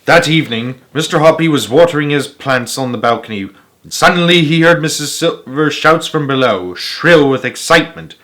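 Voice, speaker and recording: A man reading a children's book aloud as a storyteller, lively and expressive. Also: a little high, moderate pace.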